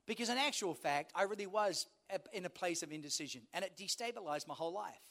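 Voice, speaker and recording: A man's voice: high voice, animated, fast talker, pushed and bright. A man preaching a sermon as a pastor, telling a humorous personal story and acting out the dialogue. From Australia. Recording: long hall reverb.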